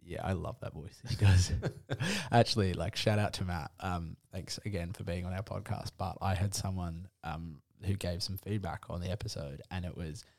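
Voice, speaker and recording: A man's voice: deep voice, normal speed, a little mellow. A young man, co-hosting a podcast in casual chat, rambling through stories and laughing often. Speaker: podcast co-host.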